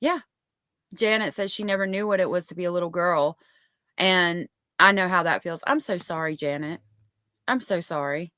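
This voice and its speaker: A woman with a bright, forceful voice co-hosts a live stream. She chats casually and reads viewer comments aloud, recorded dry and close to the mic. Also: fairly low pitch, moderate pace, dry recording. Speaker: co-host reading viewer chat.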